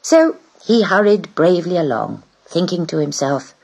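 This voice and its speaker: Expressive woman reading a children's story. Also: lowish voice, normal speed, gravelly, breathy edge, rough recording.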